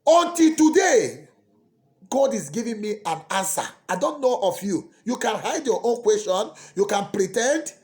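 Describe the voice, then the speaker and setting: A man preaches a sermon as a priest. His voice moves through a wide, animated range of pitch. He shifts dramatically between soft, pleading lines and loud, impassioned ones. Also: moderate pace, few pauses.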